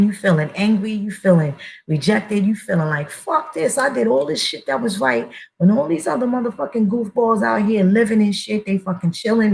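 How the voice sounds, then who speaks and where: A woman delivers a blunt, profane monologue, pressing every point with heavy emphasis and frequent restarts. Her voice carries a gravelly fry at a middle pitch. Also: a little mellow, low-quality recording. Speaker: online commentator.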